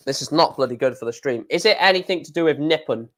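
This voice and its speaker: A man's voice: a little high, a bit bright. A man, casually chatting on a live darts stream, reading out viewer comments in a blunt, frequently swearing way.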